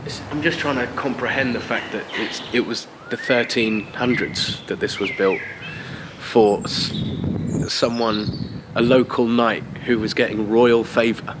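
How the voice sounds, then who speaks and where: A man's voice: medium pitch, steady tone, unhurried, background noise. A young English man, a singer, hosting a casual travel vlog and telling stories in an upbeat, chatty way. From England. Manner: upbeat, chatty, loose storytelling. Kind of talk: casual vlog and documentary narration. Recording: loud music bed behind the voice.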